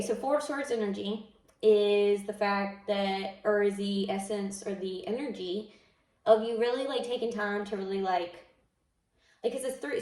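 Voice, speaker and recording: A woman's voice: medium pitch, a little mellow, recorded from a distance. A young woman giving a casual tarot reading, rambling and full of "like" and "um.". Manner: rambling, heavy on "like" and "um". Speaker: tarot reader. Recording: echoey room, mic set back.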